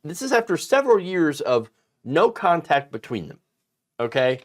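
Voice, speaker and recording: Indignant male political commentator, very lively pitch. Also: normal speed. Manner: indignant, emphatic, frequent fillers and restarts.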